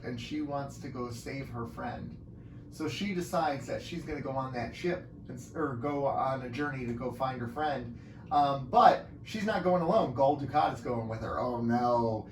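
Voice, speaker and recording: A man co-hosting a podcast in casual chat, rambling, repeating himself and laughing often. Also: mid-range voice. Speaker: podcast co-host. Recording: echoey room, mic at a distance, faint noise.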